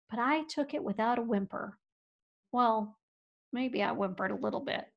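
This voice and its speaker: A woman reading a storybook aloud in a folksy, expressive way that swings from hushed to loud. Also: on the high side, normal speed, vocal fry, pauses often, highs cut off. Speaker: audiobook reader. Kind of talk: storybook narration.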